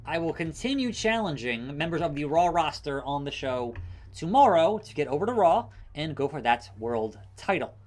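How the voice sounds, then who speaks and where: A man with a fairly high voice, talking through his own gameplay in a relaxed, sarcastic play-by-play. He swings between deadpan grumbling and quick bursts of excitement as the action unfolds. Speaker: gaming channel host. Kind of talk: casual gameplay commentary.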